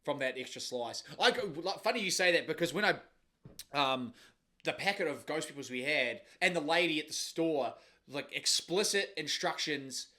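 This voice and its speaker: Bright-voiced New man, crude banter. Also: a little high, expressive, moderate pace. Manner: crude, laid-back banter with frequent swearing. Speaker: podcast co-host. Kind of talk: casual banter.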